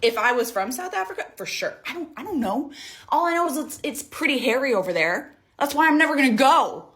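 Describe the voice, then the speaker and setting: A woman from Northern Michigan telling a story in a casual vlog, exasperated and animated, acting out what others said. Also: high voice, fairly quick. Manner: exasperated, animated retelling with mimicked quotes.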